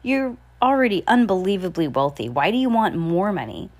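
A woman's voice: medium pitch, very animated, moderate pace, a little mellow. A woman voicing a gloomy, bookish boy. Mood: anxious. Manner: anxious, gloomy.

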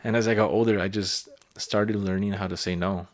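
Fast-talking young Californian guy, deep voice. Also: steady tone. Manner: laid-back, says "dude" and "like". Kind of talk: casual chat.

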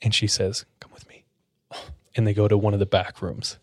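A man on a podcast spins a spooky story for friends, keeping it casual and suspenseful with lots of fillers while staying near the microphone. His lowish voice holds a level tone and moves fast, with no echo in the recording.

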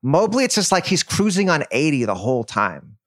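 A man's voice: a little high, big pitch swings, brisk, no echo, studio quality. A man co-hosting a podcast, talking casually and with enthusiasm, building his points with stats and comparisons. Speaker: podcast co-host. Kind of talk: casual basketball chat.

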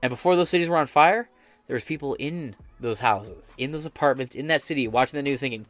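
A man's voice: mid-range voice, fast, fairly bright tone, no echo, soft background music. Foul-mouthed sarcastic man ranting. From United States. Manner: profane, sarcastic, rambling. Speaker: podcast host. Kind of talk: ranting political commentary.

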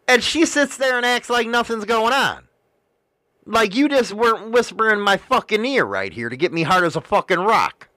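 A man's voice: sits high, very animated, moderate pace, pushed and bright, dry recording, studio quality. A man hosting a show, telling a crude, profane story in a rambling, casual way.

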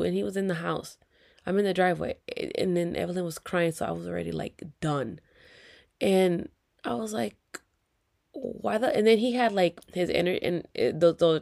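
A woman's voice: medium pitch, creaky, a little mellow. A woman, venting to viewers in a heated, profane story with whispered asides. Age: 30s. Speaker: vlogger.

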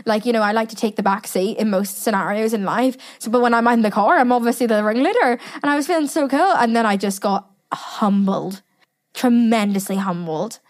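A young British woman telling a story in a casual monologue as podcast host, animated and swearing freely with chatty asides. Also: on the high side, fairly quick.

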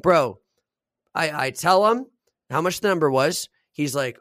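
A man's voice: medium pitch, moderate pace, no room sound, studio quality. Swearing young man telling stories. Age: 20s. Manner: swears a lot, animated storytelling. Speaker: podcast co-host. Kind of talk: casual podcast chat.

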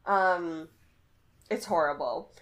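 A woman's voice: lowish voice, takes it slowly, fairly bright tone. A young woman co-hosting a podcast, chatting casually with dry, judgy asides while recapping a reality show. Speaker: podcast co-host. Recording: connection cuts out at times.

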